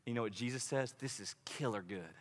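A male pastor preaching a sermon in a lively, conversational way, acting out quoted voices along the way. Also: mid-range voice, a little fast, in a large hall.

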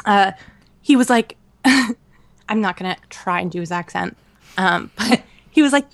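A woman co-hosting a podcast, telling a travel story in a casual, animated way with many fillers and laughs. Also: on the high side, unhurried, long pauses, no echo. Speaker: podcast co-host. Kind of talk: casual chat.

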